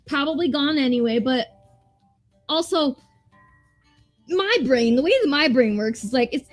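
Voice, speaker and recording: A young woman with a fairly high voice talks through a film in a loose, rambling podcast chat. She swears often and tumbles over her own restarts. Faint music runs quietly underneath. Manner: animated, profane, rambling with restarts. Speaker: podcast co-host. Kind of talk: casual movie discussion.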